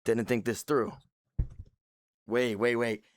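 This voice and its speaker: This young livestream host jokes and plays mock-serious in a casual stream at home, speaking from a few feet behind his desk mic. His medium-pitched voice moves little in pitch and goes at a slow pace, with no room sound.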